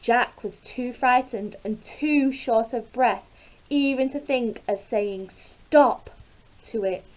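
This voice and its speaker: A woman's voice: fairly high pitch, dull audio. A woman narrating a fairy tale aloud in a careful storybook reading. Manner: slow, careful read-aloud delivery.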